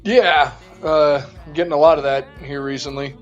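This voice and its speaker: A man being interviewed as a guest, speaking in a relaxed, easygoing way and laughing along. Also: a little high, normal speed, muffled recording, soft background music. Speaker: interview guest, group organizer. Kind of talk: casual interview conversation.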